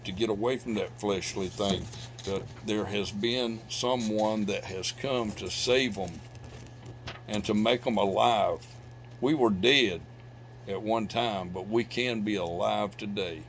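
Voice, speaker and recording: A middle-aged man preaches a sermon in a church, his lowish voice rising in loud emphatic bursts and falling back to near hush. A faint hum sits under the recording. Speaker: pastor. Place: church sanctuary.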